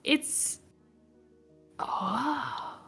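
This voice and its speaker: A woman playing in a tabletop game, telling jokes in a playful, halting way with fillers. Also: high-pitched, a bit bright. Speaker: player. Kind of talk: casual chat in a tabletop game. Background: faint background music.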